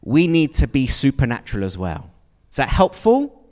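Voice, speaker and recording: A man's voice: medium pitch, wildly swooping pitch, normal speed, darkish tone. A man preaching a sermon to a congregation, chatty and questioning, often checking in with his listeners. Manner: conversational, asks the congregation questions. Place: church hall with long reverb. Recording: long hall reverb.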